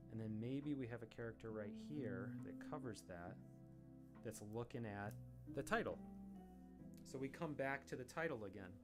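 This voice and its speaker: A man chats casually while drawing live for an audience, narrating his choices stroke by stroke. He is easygoing and a little self-deprecating, and his voice sits at an ordinary middle pitch. Guitar music plays clearly behind him. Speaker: artist streaming a drawing session.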